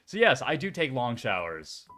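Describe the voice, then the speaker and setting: Chatty excitable male streamer. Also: medium pitch, moderate pace, soft background music. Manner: chatty, excitable, swears casually. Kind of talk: casual chat.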